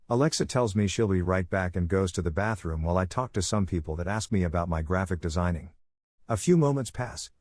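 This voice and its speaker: A man narrates a first-person story in a steady, scripted way. His voice sits on the low side. The recording is close and dry, with no room sound. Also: no echo.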